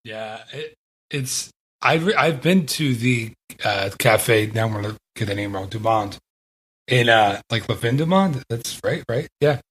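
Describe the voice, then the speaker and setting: A man's voice: medium pitch, measured pace, a bit bright, breathy edge. Easygoing man telling stories. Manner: easygoing storyteller, self-deprecating. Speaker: podcast host. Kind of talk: casual podcast chat.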